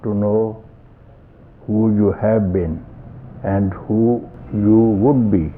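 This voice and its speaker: An older Indian man speaks slowly and deliberately in a satsang, circling back to the same phrases with soft chuckles. His voice sits low and unhurried, with a faint hiss under it. The whole thing comes through a thin, phone-like archival tape recording. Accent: Indian English. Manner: slow, repetitive, gently chuckling. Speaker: spiritual teacher. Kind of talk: satsang talk.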